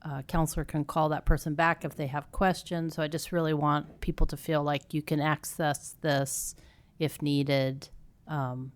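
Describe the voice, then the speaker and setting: Very low-voiced woman giving information. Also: flat delivery, a little slow. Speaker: treatment provider on a panel. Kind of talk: panel discussion talk. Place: community town hall.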